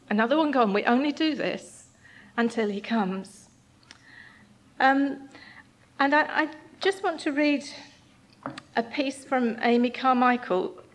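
A woman giving an earnest, gentle sermon in a church, sometimes reading passages aloud. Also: on the high side. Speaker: church speaker.

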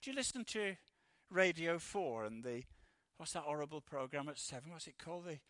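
Man, preacher, high voice, conversational sermon, frequent restarts, dry sound. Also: lively intonation, a bit bright, no room sound. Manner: conversational, halting with restarts, acts out quoted voices.

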